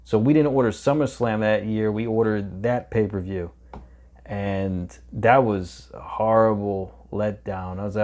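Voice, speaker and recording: A man's voice: fairly low pitch, measured pace. A man hosting a watch-along, chatting casually and answering viewer questions in a rambling way with fillers. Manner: relaxed, rambling with fillers and restarts. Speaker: reaction channel host.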